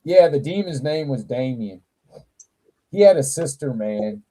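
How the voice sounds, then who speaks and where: A man hosting a casual livestream chat, with a slow, unhurried delivery. His tone is very dark and mellow, even when he gets animated. He swears freely and breaks into laughter often. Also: medium pitch, poor audio. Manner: animated, profane, laughs a lot, slow drawl. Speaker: toy channel livestream host.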